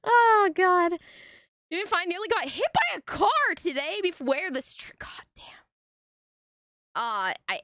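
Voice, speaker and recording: Lively high-voiced young woman streamer. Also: clear, resonant tone, no echo, clean studio sound. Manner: animated, tangent-prone storytelling with frequent swearing. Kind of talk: casual chat on a livestream.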